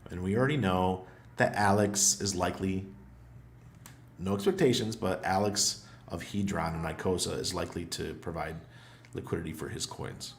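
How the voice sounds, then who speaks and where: A middle-aged man with a hoarse voice, hosting a casual livestream, chatty and laughing often as he greets viewers. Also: low-pitched, animated, normal speed. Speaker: livestream host.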